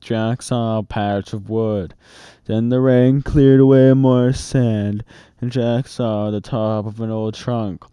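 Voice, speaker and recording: A man reading a children's book aloud in a steady, expressive storytelling manner, close to the mic. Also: lowish voice, slow, clean tone, dry recording. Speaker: storybook reader.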